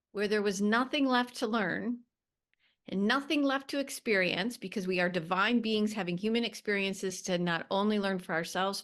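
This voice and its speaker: A woman coaching on a podcast, calm and affirming. She speaks steadily of guides and divine learning. Her voice sits at a middle pitch. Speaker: podcast co-host and spiritual coach. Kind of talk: coaching conversation.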